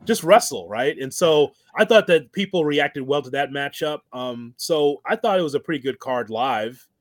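A man co-hosting a casual wrestling podcast, talking in an animated way and acting out quotes with laughter. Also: a little high, moderate pace, no room sound, clean studio sound. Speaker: podcast co-host.

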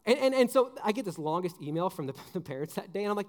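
High-voiced young man preaching animatedly. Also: rapid-fire, hardly any pauses, big-room sound. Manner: animated, joking, many restarts and "like". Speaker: junior high pastor. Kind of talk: youth sermon with storytelling.

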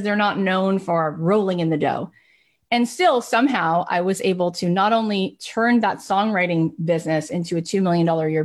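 A middle-aged woman speaks as a podcast host, telling motivational stories from her own career. She tells them in an animated way, slipping into other people's voices for their lines. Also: mid-range voice. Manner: animated storyteller, acts out quoted voices. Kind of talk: motivational talk.

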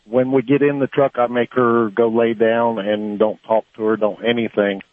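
A man's voice: mid-range voice, flat delivery, moderate pace, no echo. A male caller on a radio show, earnestly describing his dog's behavior with many hesitations. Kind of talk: phone-in radio call. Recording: tinny phone line.

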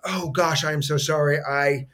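A man's voice: on the high side, steady tone, moderate pace, fairly bright tone, lightly acted. A man putting on his twin brother's voice as an eager, flustered actor who keeps apologizing. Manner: gushing, flustered.

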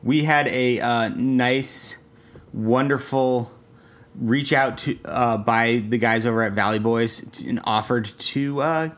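A young man co-hosting a casual sports podcast, talking things through in a measured, analytical way with ums and restarts. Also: mid-range voice, steady tone, fairly bright tone. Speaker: podcast co-host.

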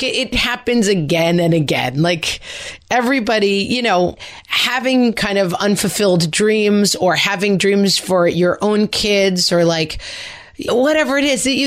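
A middle-aged woman co-hosting a podcast, talking casually with frequent fillers and restarts. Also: medium pitch. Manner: chatty, lots of "like" and restarts. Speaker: podcast co-host. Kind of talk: casual conversation.

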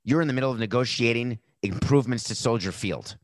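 A man's voice: mid-range voice, quick pace, dry recording. A middle-aged man hosting a podcast, giving blunt, sarcastic opinion commentary. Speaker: podcast host.

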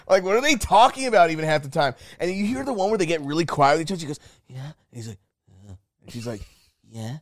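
Profane, lively young man chatting. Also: fairly high pitch, fast, no room sound. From Hastings, Canada. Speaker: podcast co-host. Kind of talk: casual crude chat.

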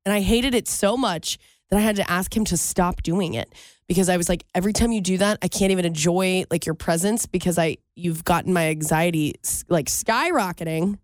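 A woman co-hosting a casual radio show, telling stories in an animated way. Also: on the low side, a little fast, dry recording, clean studio sound. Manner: animated storyteller, laughs often. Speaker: radio co-host.

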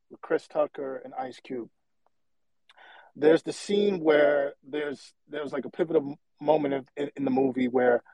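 High-voiced man ranting on a call-in. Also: a little mellow, low-quality recording. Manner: passionate, rambling, repeats himself. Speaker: caller. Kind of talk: opinionated call-in rant.

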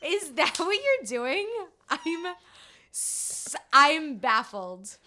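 A woman's voice: sits high, sing-song, drawn-out words, bright, forceful tone. A young woman co-hosting a casual podcast chat, teasing and dramatically incredulous. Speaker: podcast co-host.

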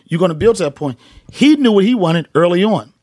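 A man's voice: sits high, animated, brisk, darkish tone, no echo, clean studio sound. A middle-aged male comedian, telling emphatic, profane stories as a podcast guest. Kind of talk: casual podcast chat.

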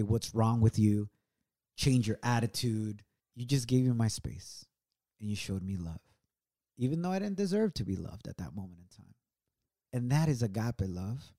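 Mellow-voiced man telling a heartfelt story. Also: medium pitch, lively intonation, normal speed. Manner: earnest and reflective. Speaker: podcast co-host.

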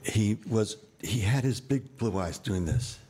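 Warm, slightly rough and lowish, his voice moves unhurriedly with lively intonation. He is an American actor and director in his seventies who tells sprawling, vivid tales laced with wry remarks in an open interview.

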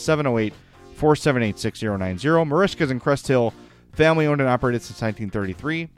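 A man hosting a hockey podcast, chatting enthusiastically and reading sponsor plugs. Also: fairly low pitch. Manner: enthusiastic, chatty, gets choked up. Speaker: podcast host. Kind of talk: casual sports podcast chat with sponsor reads.

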